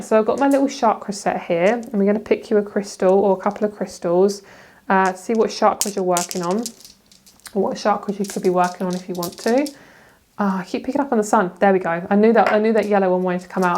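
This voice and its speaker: A woman's voice: mid-range voice, fast talker, darkish tone. A young woman doing a casual tarot card reading, chatty and loose, swearing freely and laughing at her own words. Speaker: tarot reader.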